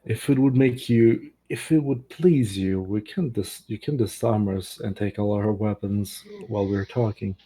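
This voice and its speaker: A man plays a woman adventurer who picks her words with halting politeness. The voice stays low, dark and a little husky, spoken softly in a tabletop game. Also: rough recording. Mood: deferential. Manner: hesitant, overly polite. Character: polite, impatient female adventurer.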